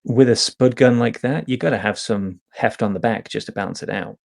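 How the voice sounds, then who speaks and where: Low gravelly joking podcast co-host, male. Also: darkish tone. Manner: joking, explains things slowly with fillers. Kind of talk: casual podcast chat.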